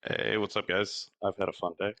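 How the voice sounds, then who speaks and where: A man's voice: low voice, level tone, fairly quick, fairly bright tone, no room sound. A man guesting on a gaming podcast, blunt and teasing in casual chat. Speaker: guest gamer.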